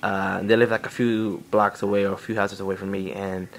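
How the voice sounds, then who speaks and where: Young dude rambling thru a story, lots of swearing n fillers, lowish voice. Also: male voice, little pitch movement, fairly quick, gravelly. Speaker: vlogger. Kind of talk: casual storytelling.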